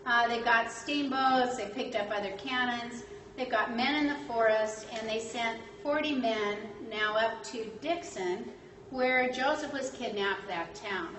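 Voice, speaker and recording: A woman telling a history story in a lively way, acting out the quotes and using lots of fillers. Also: fairly high pitch, measured pace. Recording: echoey room, distant mic, faint noise.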